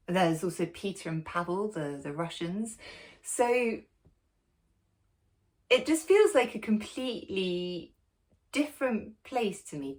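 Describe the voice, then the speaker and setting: A woman hosting a book club, talking casually to camera from home with many ums, restarts and chatty asides. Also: medium pitch. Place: at home, sitting in a dog's bed.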